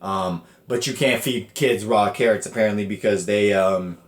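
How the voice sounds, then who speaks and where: A man's voice: fairly low pitch, normal speed. A man hosting a podcast, telling a story in casual, profane slang and acting out the people in it with a raised voice. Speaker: podcast host. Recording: echoey room.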